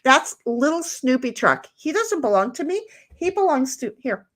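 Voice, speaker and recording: A woman's voice: high voice, sing-song, moderate pace, slight background noise. A middle-aged woman hosting a livestream from home, chatting casually and rambling while reading chat aloud. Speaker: livestream host.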